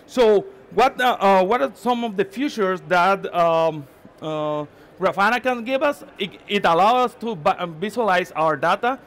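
A man from Mexico with a Mexican accent gives a live tech talk at a conference. He speaks in a halting way, restarts words, and keeps checking in with the audience. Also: high-pitched, lively intonation, fairly bright tone, slight background noise. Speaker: conference presenter. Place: conference session room.

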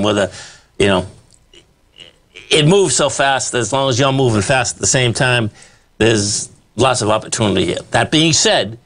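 A man's voice: medium pitch, a bit bright. A man hosting live stock market commentary over charts, talking in a rambling, emphatic, folksy way, full of "okay" and "bottom line". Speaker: market analyst host.

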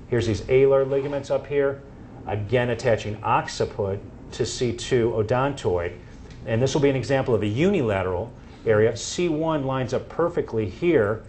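Man, medical presenter, anecdotal, middle pitch, faint background noise. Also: darkish tone. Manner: anecdotal, acts out quoted exchanges. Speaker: doctor presenting to an audience.

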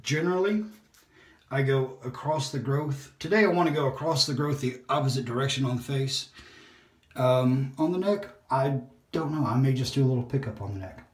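A man hosts a casual shaving vlog, rambling and thinking out loud as he works. His voice sits at an ordinary middle pitch. The sound bounces around a hard, echoey bathroom. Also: moderate pace. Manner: relaxed, rambling, self-talk while shaving. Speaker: shaving video host. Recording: echoey room.

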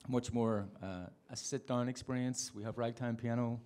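A man's voice: mid-range voice, fairly even intonation, normal speed, mellow. A man speaking as a bar-owner guest on a live panel, self-deprecating and laughing easily.

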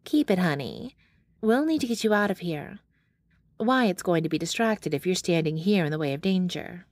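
A woman's voice: fairly low pitch, lively intonation, normal speed, a little mellow, dry recording, clean studio sound. A woman voicing a motherly older bear-shifter woman who speaks bluntly and calls people honey.

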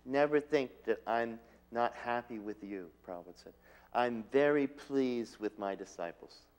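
A man's voice: mid-range voice, a little slow, a little mellow. A man earnestly recounts his spiritual teacher's words in an interview, quoting him at length. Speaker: disciple recalling his teacher. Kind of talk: reminiscing interview.

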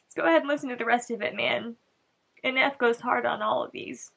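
A woman's voice: on the high side, steady tone, moderate pace, vocal fry, bright, forceful tone, breathy edge. Chatty woman reacting on camera. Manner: chatty, thinks aloud, restarts and trails off. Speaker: reaction video host. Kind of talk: casual reaction commentary.

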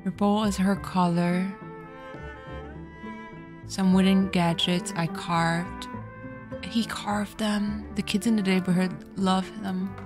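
A woman's voice: medium pitch, little pitch movement, slow, long pauses, over music. A woman streamer giving casual let's-play commentary, reading the game's text aloud and then getting tearful and swearing.

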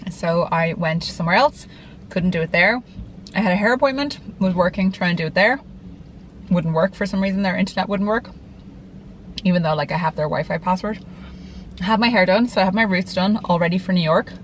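An Irish woman vlogger sits in a parked car, chatting casually to camera in a rambling, self-deprecating way. Her voice is lowish and brisk. The low-quality recording carries a little hiss or hum.

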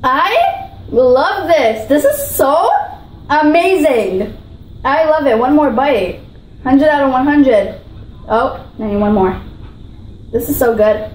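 A woman's voice: sits high, animated, slow pace, pauses often, a little mellow, roomy sound, rough recording. A female vlogger talking in a bubbly, gushing way while she taste-tests food, repeating her praise. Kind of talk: food challenge vlog.

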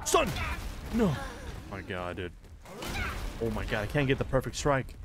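A young man casually commentating a game as he plays, excitable and swearing, with shouted reactions. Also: fairly low pitch, moderate pace. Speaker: gaming streamer. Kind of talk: let's play commentary. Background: game music.

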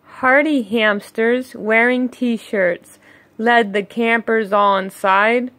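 A woman reading a rhyming children's picture book aloud, slow and measured, with chuckling asides between pages. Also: fairly high pitch, steady tone, fairly bright tone, no echo. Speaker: read-along storyteller.

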